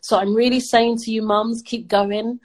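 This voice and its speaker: Upbeat emphatic woman guest, higher voice. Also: little pitch movement, normal speed, a little mellow, poor audio. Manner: upbeat, emphatic, laughs often. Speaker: podcast guest. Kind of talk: motivational interview talk.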